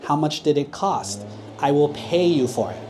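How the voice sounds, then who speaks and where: A man as a calm, fair teacher. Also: on the high side, moderate pace, faint music behind, lightly acted. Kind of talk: storytelling to children.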